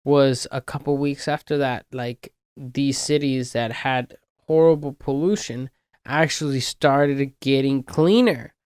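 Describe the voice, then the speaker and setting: A man with a smooth, clear voice hosts a podcast in a loose, casual way, using slang and swearing. The recording is dry and close to the mic. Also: mid-range voice, a little slow, a little mellow, no room sound. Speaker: podcast host. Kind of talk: casual conversation.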